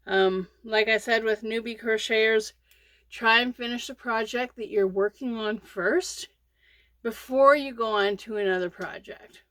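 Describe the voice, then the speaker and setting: A woman's voice: fairly high pitch, unhurried, a bit bright, no room sound. A middle-aged woman chatting casually about crochet on her channel, rambling with lots of fillers and restarts, a bit sleepy. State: sleepy, yawning. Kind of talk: casual crochet vlog chat.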